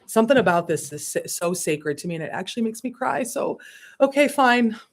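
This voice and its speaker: Fairly high-pitched and a little fast, a woman spiritual coach talks with lively intonation in a candid livestream monologue. She laughs, swears, and swings between hushed asides and emphatic bursts.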